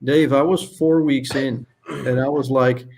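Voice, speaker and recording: A man's voice: medium pitch, fairly even intonation, a little slow, vocal fry, a loud crowd. A man co-hosting a casual chat, telling stories candidly and swearing freely. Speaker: podcast co-host.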